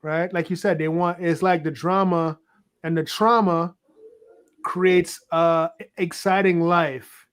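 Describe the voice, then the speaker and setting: Male co-host with a high voice, casual and hesitant, lots of filler words. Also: fairly even intonation, slow pace, a bit bright, clean tone. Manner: hesitant, stacks fillers like "right?" and "like". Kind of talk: casual opinionated discussion.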